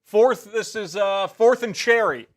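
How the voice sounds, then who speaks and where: A man's voice: sits high, measured pace. A man co-hosting a live sports show, casually describing footage with fillers.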